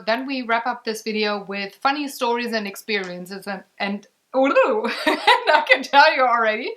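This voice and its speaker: A woman's voice: on the high side, fairly bright tone. A woman hosting a board game vlog, chatting casually with lots of fillers and giggles. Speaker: vlog host. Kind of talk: casual chat.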